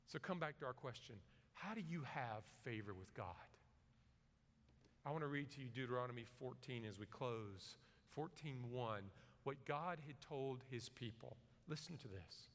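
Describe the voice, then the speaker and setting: A man preaching a sermon, reading scripture dramatically and swinging between loud emphasis and hushed asides. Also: mid-range voice, lively intonation, a little slow, long reverb tail.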